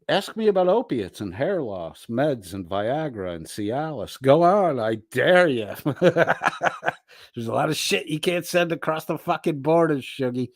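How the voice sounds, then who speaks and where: A man hosting a livestream in a casual, profane rant, taunting and mocking his target as he reads the chat aloud. His voice sits at a middling pitch and jumps between loud jeers and low mutters. The sound is dry and close, with no room echo. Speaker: livestream host reading viewer chat.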